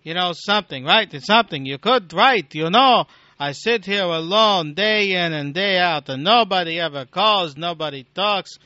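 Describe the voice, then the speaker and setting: A man doing a nagging, self-pitying old man who whines that nobody writes or calls, loud and pushed a little high. The voice is bright and sharp-edged, coming through a dull, lo-fi recording. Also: little pitch movement, moderate pace, hardly any pauses, no echo. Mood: kvetching. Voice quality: whiny, nagging.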